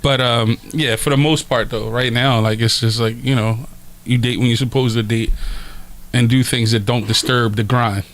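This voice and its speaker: A man at a middle pitch talks through a podcast chat with loose, rambling stories. He laughs often and swears freely, his voice steady in its register. He speaks as a comedian guest. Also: normal speed.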